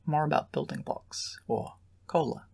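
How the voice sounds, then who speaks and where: A man narrating a scripted lesson, with calm, measured explanation. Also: fairly high pitch, creaky. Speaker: lecturer.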